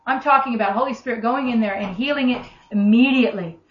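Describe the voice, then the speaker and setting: A woman with an Australian accent preaching a sermon, telling stories in a chatty, animated way. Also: on the high side, fast talker. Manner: conversational, animated storytelling with acted quotes. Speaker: minister. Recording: echoey room, dull lo-fi sound.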